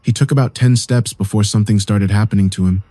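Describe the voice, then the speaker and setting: A man narrating a first-person horror story in a calm, steady telling. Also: fairly low pitch, fast, no echo.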